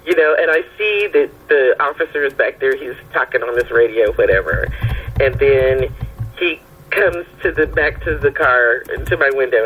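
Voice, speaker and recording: Over a tinny phone line, a woman with a very deep, husky voice calls in to tell a lively anecdote. She keeps checking in with her listener, tossing in "right?" and "okay?" as her casual story unfolds.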